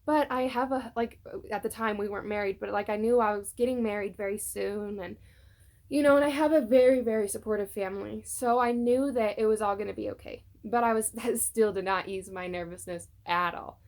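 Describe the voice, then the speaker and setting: A woman's voice: medium pitch, fairly even intonation, fairly quick, darkish tone. A young woman chatting casually to her phone camera at home, telling a personal story with many fillers. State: tearful at times. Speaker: vlogger. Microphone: phone on a tripod.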